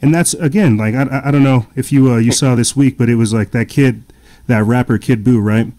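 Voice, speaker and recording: Mellow-voiced man rambling on a podcast. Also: medium pitch, brisk. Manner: rambling, many fillers and restarts. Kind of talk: casual podcast chat.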